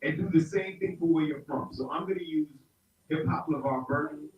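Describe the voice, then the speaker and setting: Middle-aged man teaching rhymes to a group, playful call-and-response, slightly high voice, roomy distant dull recording. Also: fairly quick. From South Carolina. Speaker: hip-hop teaching artist. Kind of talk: interactive workshop lesson. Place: indoor room with an audience.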